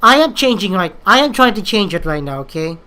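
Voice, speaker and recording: A young woman rambles candidly in a casual vlog. Her voice is bright and forward, and her pitch sits in an ordinary middle range. She stalls often on "um" and restarts her sentences as she searches for words. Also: very animated, brisk. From Philippines. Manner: hesitant, many fillers and restarts, candid. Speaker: vlogger.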